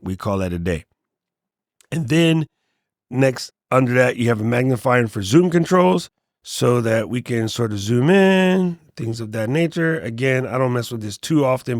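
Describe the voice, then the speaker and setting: A relaxed man walks through app settings in a casual, joking way, his voice sinking low at the ends of his sentences. The sound is dry and close, with no room echo. His pitch sits in a medium range. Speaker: tech tutorial host. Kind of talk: casual screen walkthrough tutorial.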